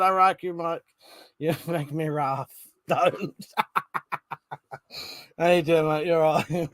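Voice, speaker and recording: A man's voice: high voice, fairly bright tone, no echo. A man hosting a live stream, chatting casually and reading out viewer comments, laughing often and swearing freely.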